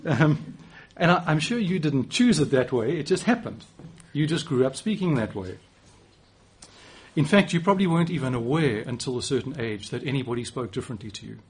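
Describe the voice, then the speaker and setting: A South African man in his forties delivers a sermon in a relaxed, conversational way. His voice is slightly husky and his pitch sits in an ordinary middle range. He often restarts phrases and teases himself gently as he talks. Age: 40s. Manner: conversational, self-deprecating, with frequent restarts. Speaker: preacher.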